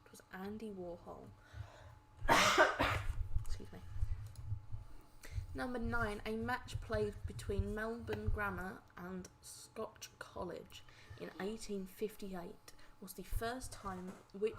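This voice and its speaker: A woman's voice: mid-range voice, noisy background. A woman hosting a casual family quiz video at home, reading the questions aloud and tripping over hard names. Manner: reads slowly, stumbles over hard names.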